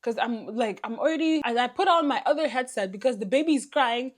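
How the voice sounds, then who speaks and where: A woman whose first language is not English, telling an exasperated, animated storytime vlog into her phone camera. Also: fairly high pitch, brisk. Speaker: vlogger.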